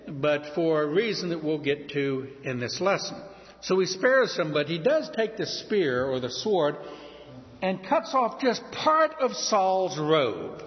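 Animated man teaching a Bible lesson. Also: fairly high pitch. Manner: animated, folksy retelling. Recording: dull reverberant hall recording.

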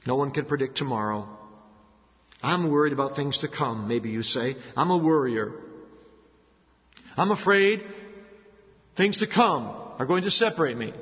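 A man preaching a sermon earnestly, dropping low and slow for stories and rising for emphasis. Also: lively intonation. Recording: dull sound with long hall reverb.

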